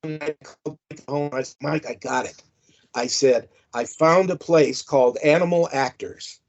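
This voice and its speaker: A man's voice: a little high, normal speed. Older man spinning rambling stories. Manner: rambling, amused, many fillers. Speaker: guest, former wrestling manager. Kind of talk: anecdotal storytelling. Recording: dull lo-fi audio.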